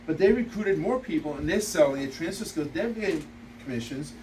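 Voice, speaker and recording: A man speaking as a seminar presenter, calling up volunteers and explaining with emphatic, energetic banter. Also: a little high, a little fast. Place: seminar room with audience. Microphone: distant from the mic. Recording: distant noisy room recording.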